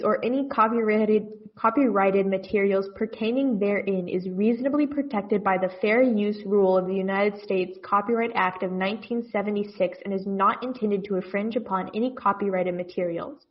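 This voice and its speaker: A woman's voice: mid-range voice, normal speed, few pauses. A woman co-hosting a comedy podcast, chatting casually and reading fanfiction aloud with a rambling, self-interrupting manner. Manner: rambling, self-interrupting, reads text deadpan. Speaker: podcast co-host. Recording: dull lo-fi podcast audio.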